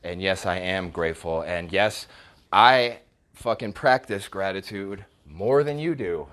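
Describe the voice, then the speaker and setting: A man's voice: low voice, a little slow, a bit bright. A man ranting casually about text messages he received, swearing heavily and scornfully, often stumbling and restarting his sentences. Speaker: vlogger recounting text messages. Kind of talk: casual storytime rant.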